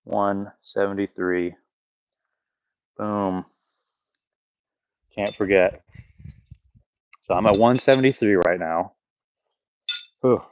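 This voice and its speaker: Low slow guy streaming backyard axe throws, swears a lot, chatting to viewers, muffled lo-fi audio. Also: steady tone, a little hiss or hum. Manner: counts throws aloud, swears, talks to chat. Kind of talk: live-stream commentary while throwing axes. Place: backyard outdoors.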